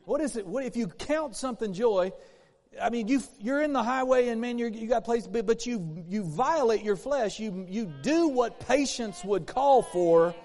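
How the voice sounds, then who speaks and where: A man's voice: extremely high pitch, expressive, normal speed, darkish tone. A man preaching a sermon in a church, emphatic and repetitive, acting out bursts of laughter. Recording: long hall reverb in a church.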